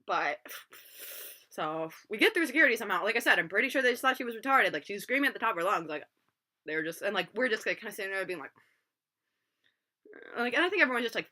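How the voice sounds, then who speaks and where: A woman's voice: medium pitch, lively intonation, quick pace, bright, forceful tone. A young woman in her twenties telling a rambling storytime, full of swearing and filler words, recorded on a laptop microphone. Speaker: vlogger. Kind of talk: storytime vlog. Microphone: laptop built-in mic.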